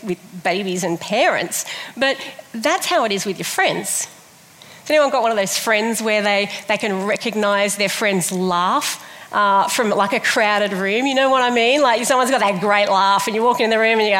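A middle-aged woman giving a sermon, chatty and humorous, telling stories with animated delivery. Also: a little high. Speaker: preacher. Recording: long hall reverb.

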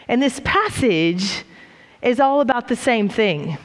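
A woman's voice: on the high side, expressive, slow. A woman preaching a sermon in a conversational, reflective way, with frequent fillers and restarts, in a church hall. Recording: reverberant hall.

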